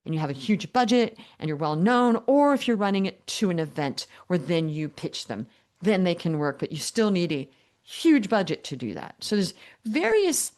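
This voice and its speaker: An older woman with a fairly low voice tells her story in an interview. She talks in a lively, humorous way and acts out quoted conversations in different voices. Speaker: guest business coach.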